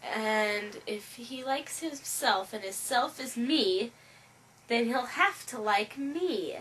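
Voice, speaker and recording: A woman's voice: on the high side, lively intonation, slow pace, fairly bright tone, breathy edge. A woman speaking in a smug, matter-of-fact way, answering an interviewer and sometimes drawing her words out. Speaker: comedic confessional speaker. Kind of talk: deadpan mock interview. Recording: faint background noise.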